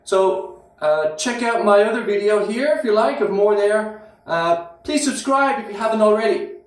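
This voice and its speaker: A man teaching English pronunciation, repeating short phrases slowly and clearly for learners to copy. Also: high-pitched. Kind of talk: slow, drilled pronunciation lesson. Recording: very echoey room, mic at a distance.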